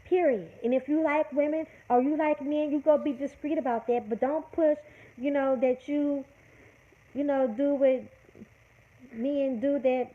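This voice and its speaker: A woman hosting a livestream, scolding her chat in an emphatic, repetitive rant. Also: high-pitched. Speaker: livestream host. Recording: tinny phone-like audio.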